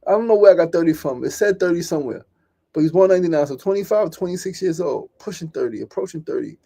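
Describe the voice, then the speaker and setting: A man's voice: a little high, lively intonation, fast talker, gravelly, dark tone. A man hosting a podcast, giving an impassioned solo monologue, swearing and repeating phrases. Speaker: podcast host.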